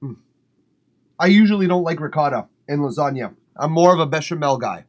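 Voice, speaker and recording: A man's voice: on the high side, fairly quick, highs cut off. A man hosting a music feedback livestream, chatting casually and swearing freely while he eats. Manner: relaxed, chatty, swears casually, laughs often. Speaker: music feedback stream host. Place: home studio.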